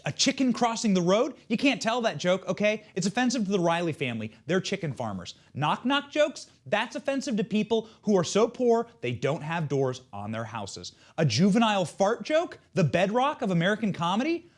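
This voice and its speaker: A man's voice: sits high, sing-song, moderate pace, hardly any pauses. A man hosting a show, delivering scripted political commentary in a mocking, sarcastic way. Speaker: show host.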